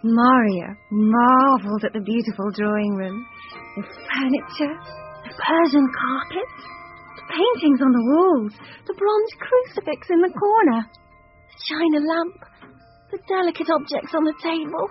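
A woman narrating part of a dramatized novel reading in a measured, descriptive manner, on dull lo-fi audio with faint music. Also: high voice.

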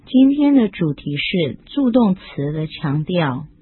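A woman calmly narrating lesson explanations as a co-host. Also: fairly low pitch, a little slow, slightly rough, no echo. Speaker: co-host translating into Chinese. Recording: tinny dry lo-fi recording.

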